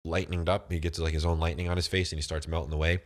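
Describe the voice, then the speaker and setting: A man's voice: rumbling low, level tone, fast talker. A man with a cold, chatting casually to camera in a rambling, slangy way, full of "dude" and "bro". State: has a cold, voice deeper than usual.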